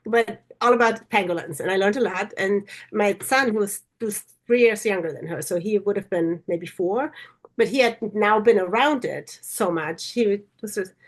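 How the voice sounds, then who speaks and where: A woman's voice: medium pitch, moderate pace. A woman co-hosting a parenting podcast, chatting casually and telling family anecdotes with easy laughs. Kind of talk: casual conversation.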